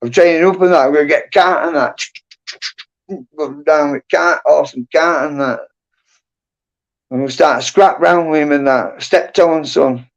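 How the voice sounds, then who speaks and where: On a dull, lo-fi livestream, a middle-aged male host chats casually, rambling, swearing, and saying "and that" and "you know" a lot. His voice leans high, moves at a moderate pace, and pauses often.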